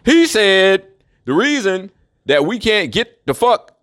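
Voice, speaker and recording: A man's voice: high-pitched, sing-song, slow, a bit bright. A man in a rambling solo monologue, profane and mocking, who laughs often. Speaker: commentator.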